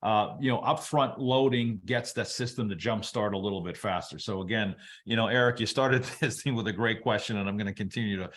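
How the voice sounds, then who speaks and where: A man presenting a webinar, explaining soil biology at a relaxed teaching pace with casual asides. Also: on the low side, fairly quick, few pauses. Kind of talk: explaining soil science to an audience.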